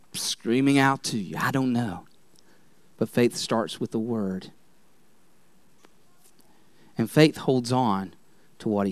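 A male pastor preaching a sermon in church, telling the story in an animated way and laughing often. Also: mid-range voice, dry recording.

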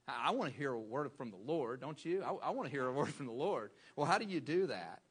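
A man's voice: mid-range voice, expressive, brisk, husky. A male pastor preaching a sermon, emphatic and repeating phrases for stress.

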